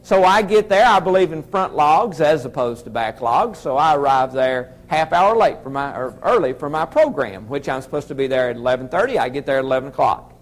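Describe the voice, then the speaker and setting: Man, Southern accent, middle-aged, folksy keynote storyteller, high and very expressive voice. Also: fairly quick, few pauses. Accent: Southern American. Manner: folksy, animated storyteller addressing an audience. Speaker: motivational speaker.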